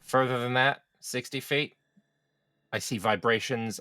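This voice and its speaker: A man playing a tabletop game, speaking calmly and in a measured way as his character. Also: medium pitch, smooth, no echo. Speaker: player.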